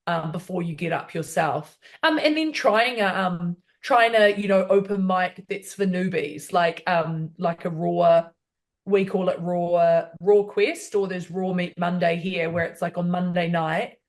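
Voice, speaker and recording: A woman's voice: fairly low pitch, a little slow. Nz woman comedian chatting in an interview, friendly, upbeat, laughs a lot. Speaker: comedian guest. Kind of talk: casual interview chat.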